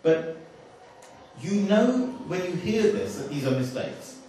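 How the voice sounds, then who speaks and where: A man's voice: sits high, big pitch swings, takes it slowly, warm tone, slight background noise. A man giving a talk to an audience, chatty and wry, often putting questions to the crowd. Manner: conversational, asks the audience questions, wry humour. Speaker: speaker giving a religious talk. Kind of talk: lecture to an audience. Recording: echoey hall, voice from far off the mic.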